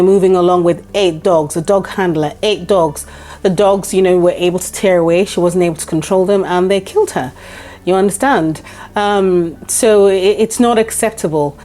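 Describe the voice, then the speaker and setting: Mellow-voiced woman telling her story. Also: mid-range voice. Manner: emphatic, repeats points for stress. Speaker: vlogger. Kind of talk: personal storytelling to camera.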